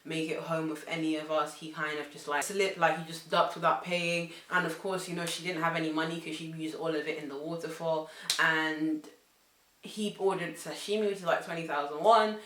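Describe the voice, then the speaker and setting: Animated woman telling a story. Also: deep voice, normal speed, a little hiss or hum. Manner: animated, swings between loud outbursts and hushed asides. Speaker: vlogger. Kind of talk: casual storytime. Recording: echoey room.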